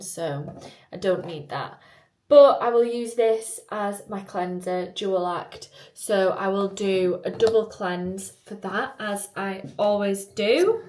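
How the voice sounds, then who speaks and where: A woman's voice: medium pitch, darkish tone, a little hiss or hum. Chatty young woman vlogging. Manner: chatty, rambling, upbeat. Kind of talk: casual vlog narration. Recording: roomy echo.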